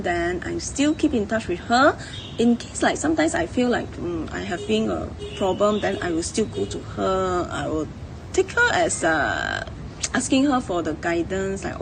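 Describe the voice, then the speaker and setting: A woman's voice: mid-range voice, gravelly, background noise. A woman giving an informal, rambling spoken tribute as a dharma school parent.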